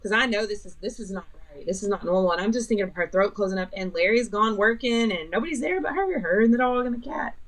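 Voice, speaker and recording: A woman's voice: mid-range voice, expressive, quick pace, few pauses, rough recording. A middle-aged woman vlogger telling a personal story in a rambling way, full of fillers and retold dialogue.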